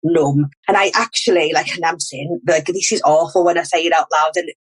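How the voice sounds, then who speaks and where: Frank woman, lower voice. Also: steady tone, brisk, breathy edge. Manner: frank, rambling, laughs off hard memories. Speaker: podcast guest. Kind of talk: candid personal conversation.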